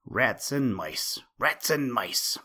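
A man voicing a grumpy, hungry old male owl in a storybook, muttering gruff threats. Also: mid-range voice, lively intonation, takes it slowly, sharp tone, pitched above the performer's own voice, heavily acted. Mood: alarmed.

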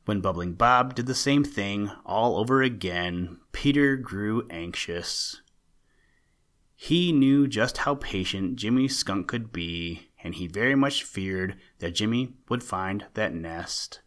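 A man with a low voice reads a children's animal story aloud. His delivery is calm and measured, the steady pace of a practiced podcast storyteller.

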